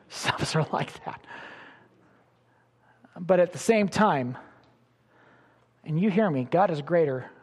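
A middle-aged man preaching a sermon as pastor, animated, with sudden loud bursts and soft drops. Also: a little high, slow pace, pauses often, breathy edge, in a large hall.

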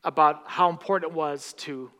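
A man preaching a sermon as pastor, impassioned, swinging from hushed words to loud bursts. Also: on the high side, steady tone, moderate pace. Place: church sanctuary. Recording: long reverb of a church hall.

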